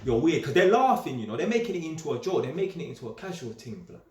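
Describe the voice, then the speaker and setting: A young man giving a casual, straight-talking monologue in streetwise slang, animated and emphatic and often repeating himself. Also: on the high side, fast, crowd noise. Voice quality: streetwise slang-heavy talk. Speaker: vlogger. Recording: roomy echo.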